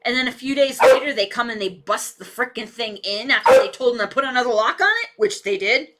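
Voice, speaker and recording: A woman's voice: fairly high pitch, a little fast, a bit bright, slight background noise. A woman live-streaming casual commentary from a cluttered home room on a desk mic, blunt and swearing often. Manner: blunt, heavy swearing, talks back to her dog. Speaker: political live-stream vlogger. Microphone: desk microphone with camera. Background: dog barking and moving.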